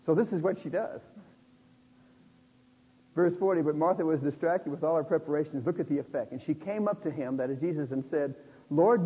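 Animated man preaching in a reverberant hall. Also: fairly high pitch, a little fast, pauses often, slightly rough. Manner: animated, acts out the people in the text. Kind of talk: sermon. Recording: dull lo-fi sound in a reverberant hall.

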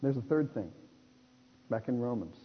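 A man preaching a sermon in an animated way, acting out the people in the text. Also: mid-range voice, moderate pace, breathy edge. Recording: dull lo-fi sound in a reverberant hall.

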